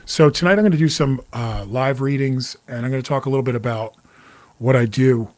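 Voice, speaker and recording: A brisk man in his forties from the New York area, with a mid-range, darkish voice and no room sound, hosts a casual livestream as a psychic medium. He talks candidly, curses freely, and greets viewers by name.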